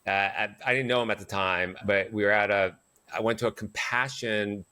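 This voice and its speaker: A male psychotherapist and author, a guest in an interview, who speaks haltingly and restarts often. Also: fairly low pitch, steady tone, bright, forceful tone, smooth. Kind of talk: conversational interview answers.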